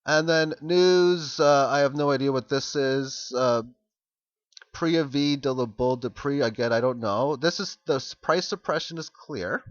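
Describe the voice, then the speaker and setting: A man giving a casual, halting walkthrough on a video blog, rambling and stumbling over foreign words. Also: medium pitch, dry recording. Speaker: video blogger. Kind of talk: casual screen walkthrough commentary. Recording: dry, dull lo-fi recording.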